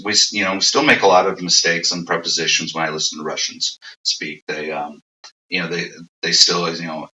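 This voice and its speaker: Bright-voiced middle-aged man, echoey room. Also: low-pitched, far from the mic. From United States. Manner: animated, acts out quoted exchanges. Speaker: English teacher guest. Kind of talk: casual conversational advice.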